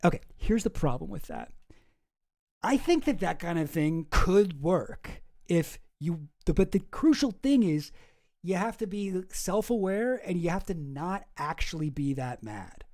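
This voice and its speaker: Gravelly, rambling commentary host. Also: mid-range voice, sing-song, a little slow, darkish tone. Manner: rambling, profane, sarcastic. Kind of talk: casual commentary.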